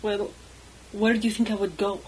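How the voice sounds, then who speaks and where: A woman's voice: mid-range voice, little pitch movement, normal speed, background noise, natural voice. A woman voicing a proud, guarded young prince with a cool, mocking, clipped manner.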